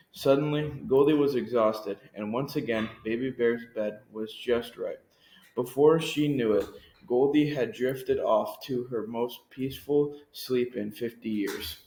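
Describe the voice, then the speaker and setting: A man reading a picture book aloud with expressive storytelling and shifting pace. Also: medium pitch, a little slow, slight background noise. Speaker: reader. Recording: echoey room.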